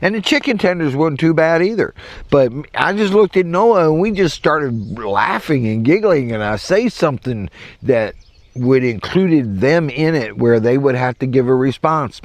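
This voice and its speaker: Man, middle-aged, southern accent, rambling casual storytelling, very lively pitch, dry close sound. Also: moderate pace, no room sound. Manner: animated, rambling, acts out quoted voices. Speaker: podcast host telling a story.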